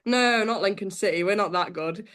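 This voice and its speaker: A young woman is a guest on a chat podcast. She laughs easily and speaks bluntly in a down-to-earth way. Her pitch sits in a comfortable middle range. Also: moderate pace, a bit bright. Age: young adult. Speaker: guest, amateur golfer. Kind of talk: casual chat interview over a call.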